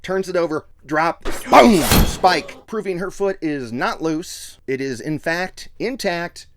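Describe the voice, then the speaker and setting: A man reviewing a TV episode in a casual, excitable, slangy way. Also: a little high, slow, noisy background. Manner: excitable, slangy, quotes characters in voices.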